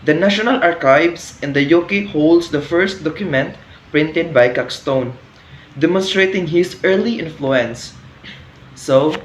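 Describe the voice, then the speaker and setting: Slow Cebuano-accented young man, echoey room. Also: on the high side. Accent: Filipino, Cebuano. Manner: slow, careful reading with stumbles on hard words, switching into Cebuano asides. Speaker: student presenter. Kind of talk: school video report. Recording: echoey room with faint ambient noise.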